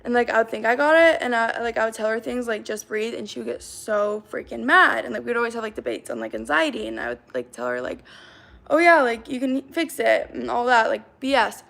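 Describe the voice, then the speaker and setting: A woman in her twenties hosts a casual livestream from her apartment. Her voice sits a little high with plenty of vocal fry, and she rambles loosely through viewer comments with lots of filler words. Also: expressive, quick pace, hardly any pauses, a bit bright. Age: 20s. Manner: rambling, heavy use of "like" fillers. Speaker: livestream host.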